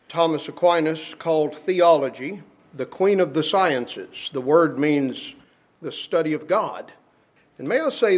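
Man preaching a measured sermon. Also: fairly high pitch. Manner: measured, emphatic, slows for scripture. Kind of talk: sermon with scripture reading.

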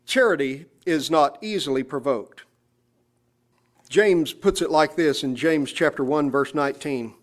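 A man preaching a sermon in church, emphatic, drawing out key phrases slowly. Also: fairly high pitch. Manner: emphatic, slows down on scripture phrases.

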